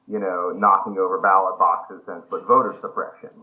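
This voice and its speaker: A man's voice: sits low, level tone, moderate pace, bright, forceful tone. A man co-hosting a podcast in casual chat, searching for words and leaning on "like" as he builds his point. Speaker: podcast co-host. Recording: dull lo-fi sound.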